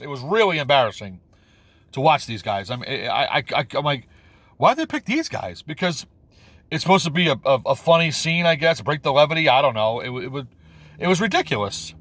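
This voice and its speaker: This video commentator's slightly bright voice comes through with no echo as he tears into a film. He sounds incredulous, going in circles and tripping over his words, and his voice leaps upward when exasperation hits.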